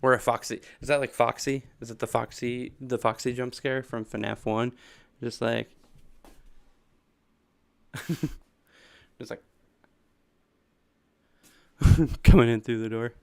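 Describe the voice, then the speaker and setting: A man rambling through a casual livestream from a small room, laughing often. His voice is gravelly at mid pitch. The sound is close and dry. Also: level tone, slow pace, pauses often, no echo. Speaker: streamer.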